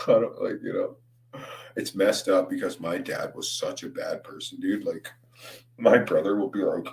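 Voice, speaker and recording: A man's voice: deep voice, unhurried, a little mellow. A young man chatting on a livestream, stoned, rambling, laughing often and swearing freely. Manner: rambling, laughing, swears a lot, says "dude". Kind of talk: casual livestream chat. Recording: roomy, distant from mic.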